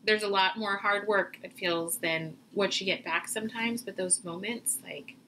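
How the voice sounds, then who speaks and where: A woman and mother talking as a guest in a casual interview, animated and quick to act out what people say. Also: mid-range voice, slight background noise, low-quality recording. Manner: animated, acts out quoted voices. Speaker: podcast guest.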